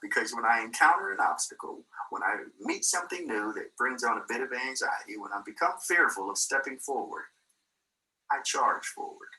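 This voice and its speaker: A man's voice: mid-range voice, animated, moderate pace, sharp tone, distant mic, poor audio. An older man giving a motivational talk, telling a personal story with quoted voices and small laughs. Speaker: guest speaker.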